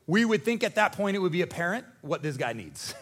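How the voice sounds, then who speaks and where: A man preaching a sermon as pastor, animated and conversational, joking and acting out voices. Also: high voice, brisk, husky. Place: church.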